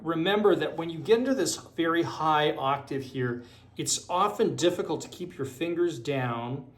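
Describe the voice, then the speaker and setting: A man's voice: a little high, moderate pace. A man teaching a violin lesson, explaining technique with many fillers and counting rhythms aloud. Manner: counts beats and calls out rhythms while playing. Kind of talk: online music lesson. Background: violin playing.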